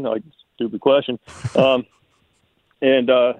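A man's voice: mid-range voice, flat delivery, slow, no room sound. Man telling stories over a tinny phone line. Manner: rambling with fillers and restarts. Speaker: baseball manager as guest. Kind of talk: casual storytelling on a call-in.

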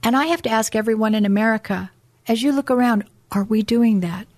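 A middle-aged woman talks earnestly on a religious talk program. She lectures in a preachy way, slowing down for solemn passages. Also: fairly high pitch, a little mellow. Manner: earnest, preachy, reads documents aloud. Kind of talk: religious political talk show.

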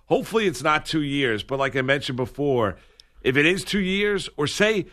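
A man's voice: on the high side, animated, normal speed, a bit bright. A man hosting a sports radio show, talking casually and rambling, correcting himself as he goes. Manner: rambling, self-correcting, laughs often.

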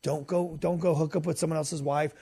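A man's voice: a little high, steady tone, brisk, vocal fry, dark tone, breathy edge, no echo. A man who is a podcast guest, talking earnestly about faith in a casual way, with many fillers and restarts.

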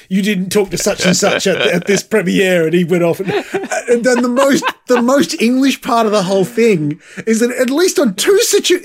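A man, co-hosting a podcast and reviewing an album in casual, rambling, sweary chat. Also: high-pitched. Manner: rambling, sweary, frequent restarts. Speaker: podcast co-host.

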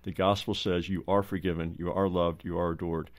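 A pastor with a fairly low voice talks on a roundtable. He teaches steadily and pastorally, using everyday stories to drive the point home. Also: little pitch movement, fairly quick. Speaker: pastor and co-host.

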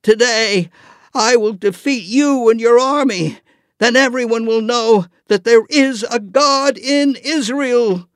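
A man voicing a calm, brave young male hero who speaks earnestly and plainly. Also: on the high side, slow pace, vocal fry, dry recording, clean studio sound, exaggerated voice. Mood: defiant. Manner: steady, earnest, rising to loud declarations.

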